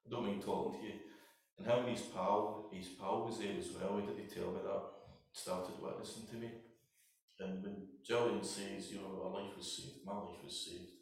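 A man's voice: low-pitched, steady tone, moderate pace, gravelly. Scottish man, middle-aged, emotional church testimony, heavy hall echo, mic set back. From Scotland. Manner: emotional storytelling, voice breaking into tears at times. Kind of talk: personal testimony. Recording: echoey hall, distant mic.

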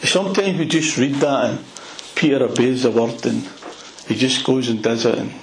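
A man with a Glasgow accent preaching a sermon, retelling a Bible story in an animated way with plenty of local slang. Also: mid-range voice, normal speed, echoey room, a little hiss or hum, poor audio. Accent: Glaswegian Scottish. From Scotland. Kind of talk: expository sermon.

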